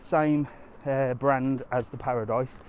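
A man's voice: medium pitch, fairly even intonation, measured pace, lo-fi sound, slight background noise. A man chatting casually to live viewers as he walks along a sunny resort street, answering their questions. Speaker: travel vlogger answering live chat. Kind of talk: casual live-stream walking vlog.

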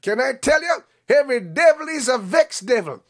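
A male pastor delivers a fervent sermon, piling up repeated phrases and rising to shouts. His voice is very high and animated, rolling up and down through the lines. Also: moderate pace. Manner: fervent, shouting, repetitive preaching.

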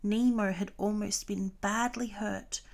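A woman reading a children's storybook aloud, clear and expressive. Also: medium pitch, measured pace.

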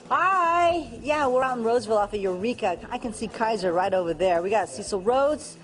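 A woman's voice: on the high side, lively intonation. Upbeat woman TV reporter on location. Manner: chatty, upbeat, asks lots of quick questions. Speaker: TV morning show reporter. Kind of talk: live on-location TV segment. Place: inside a restaurant.

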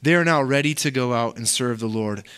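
A man preaching a conversational, animated sermon as pastor of a church, with frequent asides to the congregation. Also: mid-range voice, brisk, clear, resonant tone.

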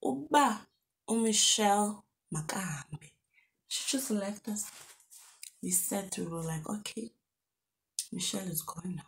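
On her vlog, a young South African YouTuber tells a storytime in an animated, lively way, tossing in local slang exclamations. Her voice sits in the mid-range and her pace stays measured.

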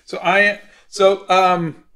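A man's voice: sits high, little pitch movement, extremely slow, pushed and bright. A man, an artist, hosting a casual livestream and telling viewers an easygoing story.

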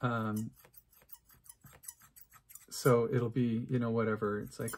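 A man's voice: mid-range voice, little pitch movement, slow, long pauses, a little mellow, a little hiss or hum. A middle-aged man hosting an unscripted craft video, rambling and self-mocking as he talks, with plenty of fillers. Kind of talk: unscripted casual craft vlog.

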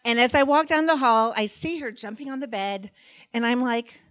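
A middle-aged woman telling a stand-up story on a live comedy stage, wry and animated, breaking into loud outbursts. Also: on the high side, moderate pace.

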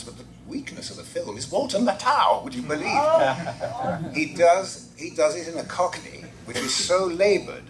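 An English man on a convention panel, telling anecdotes in a reflective, wry, self-deprecating way. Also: on the high side.

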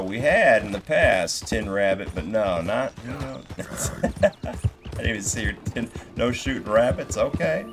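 A laid-back man streams a game live, chatting into a headset and thanking viewers as he plays. His voice sits low and deep. Game music runs clearly underneath. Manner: easygoing, thanking viewers as they go. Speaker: gaming streamer. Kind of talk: live gameplay commentary. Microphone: gaming headset. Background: game music and hoofbeats.

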